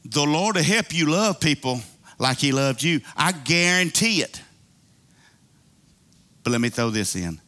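A man with a fairly high, bright voice preaches a sermon to a church congregation. He talks in a folksy, plain-spoken way, calls on the room to answer him, and slips into playful asides. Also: animated, unhurried, pauses often. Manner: preaching with call-and-response and playful asides, acting out prayers; folksy colloquial speech. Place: church sanctuary.

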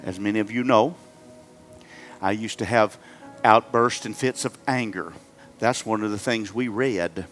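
A middle-aged male pastor preaching to his congregation, moving from loud fervent exhortation to hushed, halting storytelling. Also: lowish voice, faint music behind. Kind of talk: sermon. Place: church sanctuary before a congregation.

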